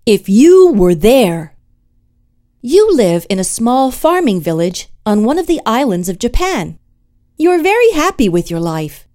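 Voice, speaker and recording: A woman reading a textbook scenario aloud in a gentle, inviting storytelling manner. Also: a little high. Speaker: textbook narrator. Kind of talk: scripted second-person reading.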